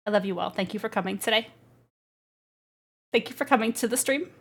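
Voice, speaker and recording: A woman's voice: mid-range voice, moderate pace, long pauses. A woman VTuber chatting casually on a livestream, giggly and rambling, playful. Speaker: VTuber streamer. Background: faint background music.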